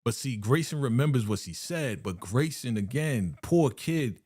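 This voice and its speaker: A man hosts a live reaction stream in a lively, talkative way, with a mid-range voice. He laughs often and loops back on his own phrases as he recaps. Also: mid-range voice, moderate pace, no room sound, studio quality. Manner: animated, laughing, chatty, repeats himself.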